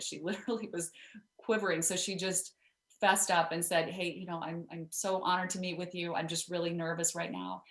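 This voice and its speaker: A woman's voice: lowish voice, a bit bright, reverberant. A woman guest author telling a story in an interview, chatty with many fillers and restarts.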